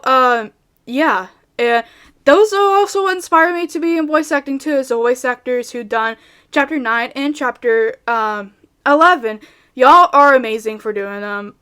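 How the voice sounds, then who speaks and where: A woman's voice: on the high side, a bit bright, clean tone. A young woman voice actor answering questions in a casual, rambling vlog, with lots of fillers, recorded on a studio mic at home. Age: young adult. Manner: rambling, filler-heavy, laid-back. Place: home bedroom setup. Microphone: studio mic with pop filter.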